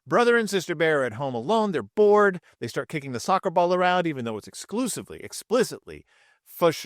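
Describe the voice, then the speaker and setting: A man hosts his own podcast from home, retelling cartoon stories in a loose, chatty way. His pitch swings widely as he dips into brief voices for the characters. The sound is dry and close, with no room around it. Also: fairly bright tone, no room sound. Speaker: podcast host reviewing cartoon episodes. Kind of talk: casual solo commentary. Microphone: microphone with camera.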